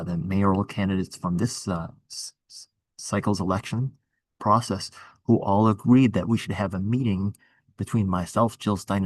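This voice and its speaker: A man seeking office rambles earnestly about his campaign in a casual political chat, restarting many times. His pitch is fairly low and the recording is dry.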